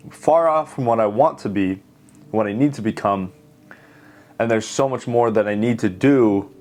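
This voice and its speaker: A man's voice: lowish voice, slight background noise. A young man, an art teacher, telling a heartfelt personal story straight to his viewers while he draws. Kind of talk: earnest storytelling while drawing.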